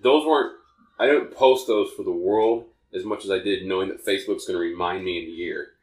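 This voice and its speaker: Deep-voiced man rambling in an echoey room. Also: fairly quick. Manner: rambling, self-correcting storyteller. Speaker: podcast co-host. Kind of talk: casual podcast chat.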